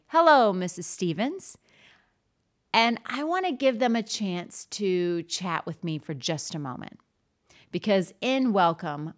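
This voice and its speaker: Woman art teacher hosting her own podcast, slightly low voice, chatty and animated, playfully acts out her class routines. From Southern US. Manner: chatty, animated, demonstrates classroom call-and-response. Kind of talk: casual podcast monologue.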